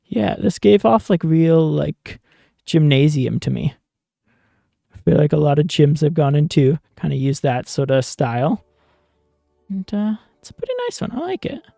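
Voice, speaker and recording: A man giving casual let's-play commentary as a gaming YouTuber, relaxed and musing with small fillers and laughs. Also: fairly high pitch, moderate pace, creaky, no room sound, studio quality, soft background music.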